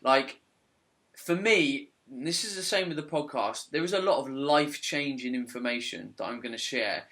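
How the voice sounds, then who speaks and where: A man's voice: medium pitch, moderate pace, bright, forceful tone. A British man hosting a podcast, chatting casually in an enthusiastic, persuasive manner. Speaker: podcast host.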